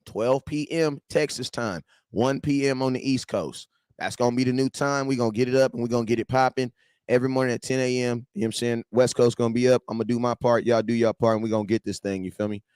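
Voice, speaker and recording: A man in his thirties runs a loose fan-show livestream, greeting viewers, repeating himself and bantering in easy slang. His ordinary-pitched voice is darkish, clear and resonant, with fairly even intonation and a quick pace. It's recorded dry and close to the mic, with no room sound.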